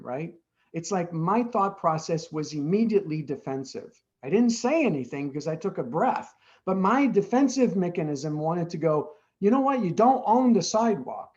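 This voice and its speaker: A man's voice: fairly high pitch, a little mellow, muffled recording. A man being interviewed as the founder of an addiction treatment center, explaining earnestly and often checking in with "right?".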